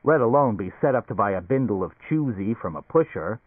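A man voicing a brooding, defeated middle-aged man in an audiobook, speaking low and subdued. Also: animated, brisk, no room sound. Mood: glum. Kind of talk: audiobook character voice. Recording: tinny narrow-band recording, dry.

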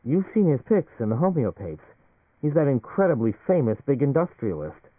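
A man's voice: mid-range voice, sing-song, normal speed, slightly rough, no room sound, pitched above the performer's own voice. A man reading the lines of an anxious, ambitious office worker in a story, fretful and hesitant. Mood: eager. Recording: tinny radio broadcast.

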